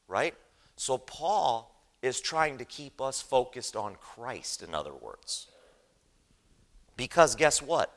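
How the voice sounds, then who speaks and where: A man's voice: medium pitch, bright, forceful tone. A man preaching a sermon in a church, earnest and emphatic, often asking the congregation "right?". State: choked up with emotion. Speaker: lay preacher.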